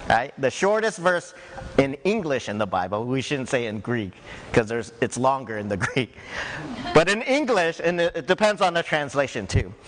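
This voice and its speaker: A man's voice: medium pitch, sing-song, moderate pace, fairly bright tone, big-room sound, a little hiss or hum. A man preaching a sermon as a pastor, earnest and conversational, often checking in with "right?".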